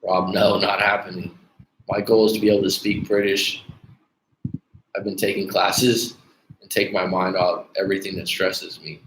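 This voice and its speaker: A man's voice: low voice, little pitch movement, moderate pace. Blunt, profane man in an echoey room. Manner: blunt, profane, casual, calls viewers dude. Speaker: dating coach livestream host. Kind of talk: casual livestream chat reading viewer comments. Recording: echoey room with faint background noise.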